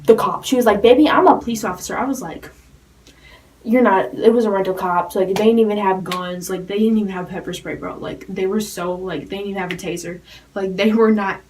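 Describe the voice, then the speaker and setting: A teenage girl telling a story to camera, talking fast and rambling, with "like" in nearly every phrase. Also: mid-range voice, steady tone, darkish tone, far from the mic, slight background noise, low-quality recording. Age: teens. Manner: rapid rambling with constant "like" fillers. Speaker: fan vlogger.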